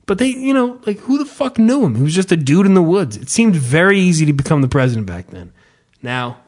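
Animated, profane comedic storyteller, male. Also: a little high, fairly quick.

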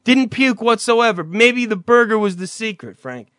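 A man hosting a podcast, teasing his cohost with profane, rambling stories and loud impressions. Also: sits high, animated, moderate pace, no echo, studio quality. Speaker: podcast host. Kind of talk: casual profane banter.

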